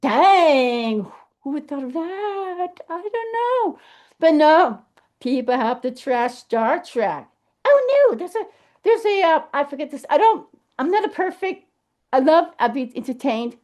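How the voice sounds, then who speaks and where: A woman talking casually to camera in an animated, emphatic way, thinking aloud and restarting her sentences as she goes. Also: high voice, measured pace. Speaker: vlogger. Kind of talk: casual rambling monologue.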